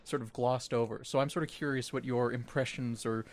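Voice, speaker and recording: A man's voice: mid-range voice, steady tone, a little fast. A man co-hosting a casual podcast chat, talking in a dry, sarcastic way. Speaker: podcast co-host.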